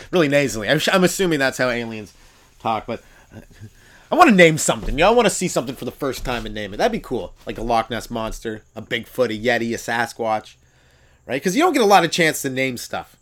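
A man, a comedian hosting his own podcast, riffing through a stand-up monologue, swearing freely and breaking into loud exaggerated voices. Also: mid-range voice, big pitch swings, fairly quick. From Canada.

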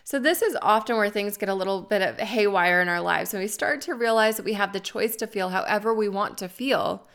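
A woman's voice: medium pitch, fairly quick, few pauses, a bit bright. Woman host in her thirties, earnest and encouraging, talking listeners through confidence steps, leans on key words. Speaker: podcast host. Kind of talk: coaching talk to listeners.

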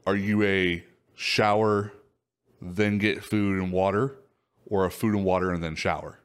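A man's voice: low-pitched, steady tone, measured pace, smooth. A man co-hosting a casual podcast chat, teasing his partner and steering the talk with probing questions. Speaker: podcast co-host.

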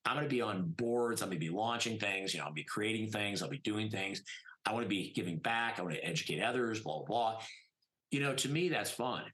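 Man, middle-aged, bright forceful tone, emphatic, fillers, casual chat. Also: fairly low pitch, brisk, low-quality recording. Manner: animated, emphatic, many "I mean" fillers. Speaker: podcast guest, plastic surgeon. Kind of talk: casual storytelling interview.

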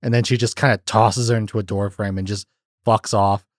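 A man's voice: on the low side, flat delivery, brisk, dry recording, clean studio sound. A man hosting a podcast in casual chat, recounting film scenes eagerly and laughing often. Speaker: podcast host.

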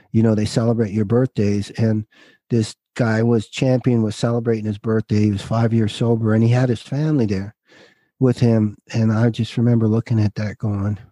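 A middle-aged man telling his personal story as a podcast guest, casual and candid, calling the host "dude" and pausing when emotional. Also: lowish voice, mellow, dry recording, studio quality. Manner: casual, says dude, halting and emotional at times.

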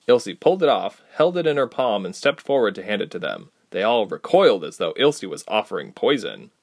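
A man narrating a fantasy storybook aloud, expressive and acting out each character. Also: fairly low pitch, fairly quick, vocal fry, few pauses, no echo, studio quality.

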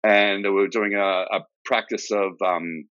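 Australian man, very deep voice, casual storyteller, cusses freely, muffled lo-fi sound. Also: normal speed, no room sound. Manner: laid-back, swears freely, animated storyteller. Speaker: guest, former soldier. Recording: dull, lo-fi and dry.

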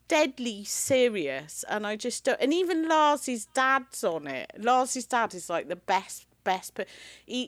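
A woman telling rock-and-roll anecdotes in a loose, giggly chat. Her voice sits at an ordinary middle pitch and sounds dry and close, with no room around it. She breaks into laughter and swears as she talks. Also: no echo. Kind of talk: casual chat about rock music.

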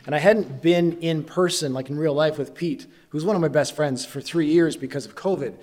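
A man's voice: on the high side, normal speed, a little mellow. Man preaching a chatty storytelling sermon. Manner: conversational storytelling with self-deprecating humor. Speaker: pastor.

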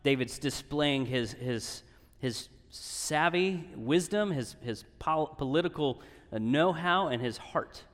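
A man's voice: a little high, lively intonation, slow pace. A man preaching a sermon in earnest tones, often checking in with "right?". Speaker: pastor. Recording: reverberant hall.

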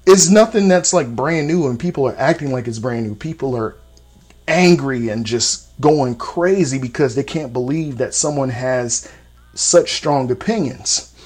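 A man's voice: mid-range voice, measured pace, a little mellow. A man in his thirties hosting a casual solo podcast, talking bluntly and profanely, his voice jumping up sharply when he stresses a point. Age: 30s. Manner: voice jumps up sharply for emphasis. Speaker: podcast host.

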